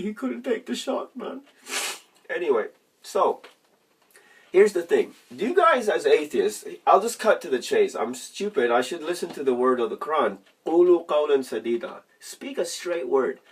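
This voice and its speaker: Man, casual monologue, rambling, profane, husky, recorded away from the mic. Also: fairly high pitch, big pitch swings, normal speed. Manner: profane, rambling, laughs mid-sentence. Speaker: religious vlogger. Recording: distant from the mic.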